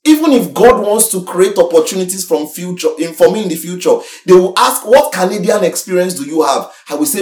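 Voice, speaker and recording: A young man from Nigeria, preaching a sermon in an animated, exhorting way with sudden swings in pitch and loudness. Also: fast, few pauses. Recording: roomy echo, mic from far off.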